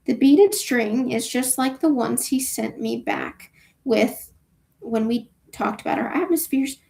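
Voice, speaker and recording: A woman's voice: on the high side, lively intonation, measured pace, creaky, darkish tone. A woman reading a novel aloud for a book club, casual, with offhand asides about her own reading.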